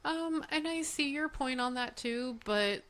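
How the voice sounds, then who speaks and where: A middle-aged woman co-hosting a casual podcast chat, relaxed and quick to laugh. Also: sits high. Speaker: podcast co-host.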